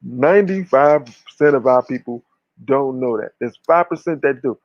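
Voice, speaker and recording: A man's voice: mid-range voice, moderate pace, no echo, muffled recording. A man talking casually but with fiery emphasis, preaching and swearing freely. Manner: emphatic, preachy, profane, uses slang. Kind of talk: impassioned casual talk.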